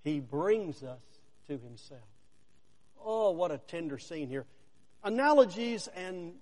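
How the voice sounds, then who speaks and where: Preaching a sermon, a man with a high, slightly mellow voice speaks slowly and deliberately, stressing single words and leaving long pauses between phrases. He builds dramatic swells of emphasis and presses listeners with rhetorical questions, his voice ringing through a large sanctuary with a long reverb tail.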